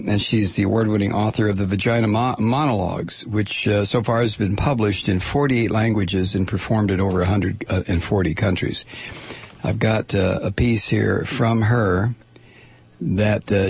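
A man's voice: fairly low pitch, gravelly. An older man hosting a talk radio show, rambling through his monologue with many restarts and repeated words. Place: radio studio.

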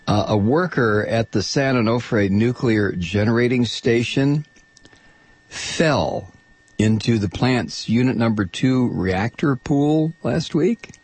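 A man hosting a political talk radio show, reading news in a sarcastic, animated way that climbs into outraged shouting. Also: medium pitch, takes it slowly, breathy edge, no echo.

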